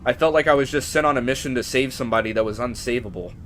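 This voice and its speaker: A man's voice: mid-range voice, rapid-fire, a little hiss or hum. Emotional young-sounding male game streamer. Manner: emotional, excitable, shifts from calm to near-shrieking. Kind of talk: live game stream commentary.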